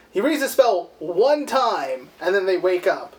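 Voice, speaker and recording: A man's voice: sits high, very animated, moderate pace, darkish tone. A man co-hosting a movie podcast, recapping the plot in profane, rambling casual chat and acting out quotes. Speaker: podcast co-host.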